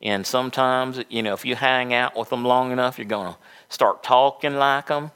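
A man's voice: medium pitch, steady tone, moderate pace, fairly bright tone, clear, resonant tone. A middle-aged man preaching a sermon as a pastor, with folksy, conversational storytelling.

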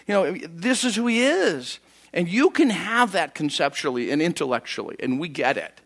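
Man, pastor, conversational sermon, folksy asides, animated up-and-down delivery. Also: a little high, normal speed.

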